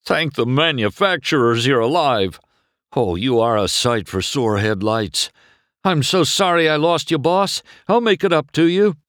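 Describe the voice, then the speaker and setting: A man's voice: mid-range voice, lively intonation, measured pace, no echo, clean studio sound, voice pushed up. A man voicing a loyal, emotional male truck, speaking thick with tears in a storybook reading. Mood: tearful. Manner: tearful, loud, gushing.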